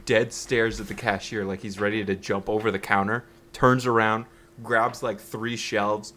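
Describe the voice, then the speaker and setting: A man's voice: on the low side, flat delivery, moderate pace, fairly bright tone, slight background noise. A man on a podcast telling a story in a rambling, profane way, acting out the people in it. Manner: rambling, profane, acts out quotes. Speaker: podcast co-host. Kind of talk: casual storytelling.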